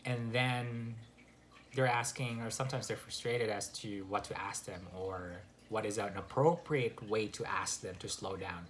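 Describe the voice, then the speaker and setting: A man giving a casual spoken English lesson, relaxed and full of fillers and restarts. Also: on the low side, measured pace, slight background noise. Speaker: English teacher. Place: Canada.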